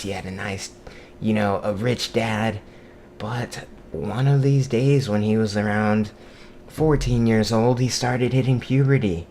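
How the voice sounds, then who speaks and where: A man's voice: on the low side, darkish tone, slight background noise. Young man rambling through a crude joke. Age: young adult. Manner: casual, profane, laughs at own jokes, many fillers. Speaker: joke teller. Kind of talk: rambling shaggy-dog joke.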